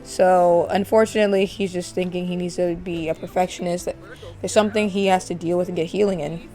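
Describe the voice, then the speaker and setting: A woman hosts a life-sim let's play, chatting through the story and speculating about her characters. Her voice is fairly low and mellow, with faint music underneath. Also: steady tone, brisk. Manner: chatty, narrates and speculates, with gasps and laughs. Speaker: gaming channel host.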